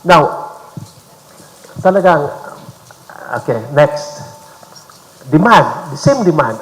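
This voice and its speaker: A man's voice: fairly high pitch, very animated, takes it slowly, long pauses. A man with a Filipino accent, a bishop giving a retreat talk, who mixes English with Filipino phrases and teases the audience with frequent checks of "okay?". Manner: mixes English with Tagalog and Visayan, teasing the audience with repeated "okay?". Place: large retreat hall. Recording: echoey hall recording, faint ambience.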